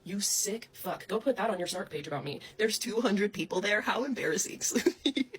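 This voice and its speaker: A woman's voice: mid-range voice, brisk, slight background noise. A young adult woman delivering an angry, profane, accusatory rant straight to camera. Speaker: online personality.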